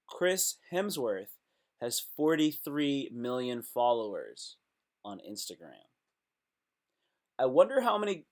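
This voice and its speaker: A man chatting casually on a live stream, reading comments and reacting with sudden loud outbursts. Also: mid-range voice. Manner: animated, talks to himself and chat, sudden loud outbursts.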